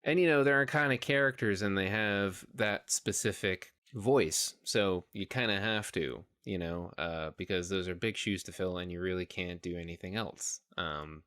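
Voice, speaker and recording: Deep-voiced man chatting on a podcast. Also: moderate pace, fairly bright tone, no room sound, studio quality. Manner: rambling, lots of fillers, laughs easily. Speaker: podcast co-host. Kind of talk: casual chat.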